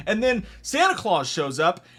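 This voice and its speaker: A man's voice: sits high, a little slow. A young man hosting a comedic movie review, ranting with heavy swearing and mocking impressions of the characters. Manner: profane, animated, mocking impressions.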